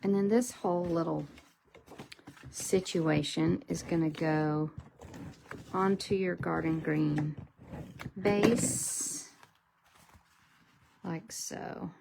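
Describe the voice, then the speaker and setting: A middle-aged woman hosting a casual card-making tutorial, chatty and unhurried, thinking aloud as she works at her craft table. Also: low-pitched, fairly even intonation, creaky, background noise.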